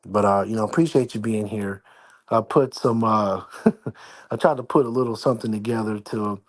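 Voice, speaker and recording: Keeping his voice down at home in his apartment, a livestream host chats casually, rambling and slangy. He sits on the low side, with fairly even intonation and a moderate pace.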